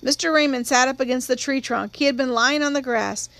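A woman with a high voice narrates a novel in a measured storytelling manner. The recording is dry and close, with no room sound around her. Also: creaky, fairly bright tone, no echo. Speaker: audiobook narrator. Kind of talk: scripted audiobook narration.

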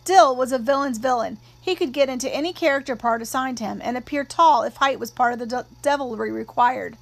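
A woman reads a first-person novel aloud, measured and expressive. Her voice sits high. The telling is even and steady, shaping each sentence with care. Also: creaky. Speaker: audiobook narrator.

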